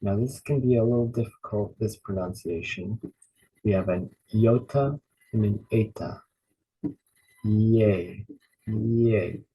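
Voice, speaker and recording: A man's voice: fairly low pitch, dark tone, breathy edge, poor audio. A man teaching a beginners' lesson on Bible Greek, carefully repeating each word and spelling names out letter by letter. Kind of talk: slow, patient pronunciation lesson.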